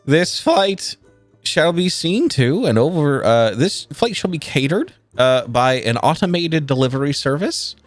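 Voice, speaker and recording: A man's voice: on the high side, sing-song, a little slow, no echo, soft background music, voice pushed up. A man doing a stiffly formal ship captain. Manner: rote and dry, stiffly formal. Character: formal middle-aged male ship captain.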